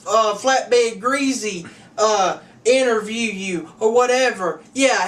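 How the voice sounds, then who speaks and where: A man's voice: extremely high pitch, a bit bright. A man hosting a fan wrestling show, delivering a taunting, ranting trash-talk promo that calls out rivals. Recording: distant from the mic.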